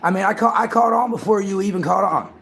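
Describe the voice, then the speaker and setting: A man hosting a livestream in casual chat, excitable and profane, repeating himself and talking over others. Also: high-pitched, fast talker, vocal fry. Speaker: livestream host.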